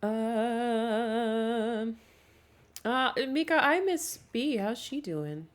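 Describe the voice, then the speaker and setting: A woman's voice: on the high side, drawn-out words. A young woman talking casually to her livestream chat, often laughing and swearing freely, at a home setup with a desk mic. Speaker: streamer.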